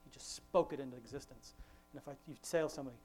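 A father leading an informal family devotion, talking in a rambling, conversational way with many restarts, and slowing down to quote scripture with emphasis. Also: mid-range voice, a little mellow, husky, faint music behind.

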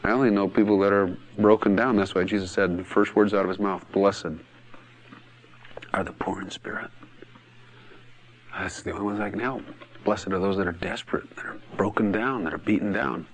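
A man's voice: fairly low pitch, steady tone, fast talker, slight background noise. A man preaching in a blunt, emphatic way, often laughing and acting out quotes in other voices. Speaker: pastor. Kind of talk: sermon-style teaching talk.

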